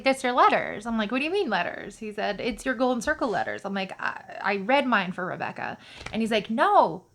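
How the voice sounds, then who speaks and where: A woman telling a personal story in a chatty, animated way, full of fillers and acted-out dialogue. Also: mid-range voice. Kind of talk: casual storytelling to camera.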